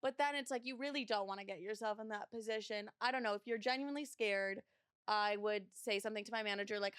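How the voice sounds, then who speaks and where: A woman's voice: medium pitch, fast, fairly bright tone, clear, resonant tone, no room sound, studio quality. Blunt young woman podcast host. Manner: blunt, swears freely, many fillers. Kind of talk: casual advice podcast.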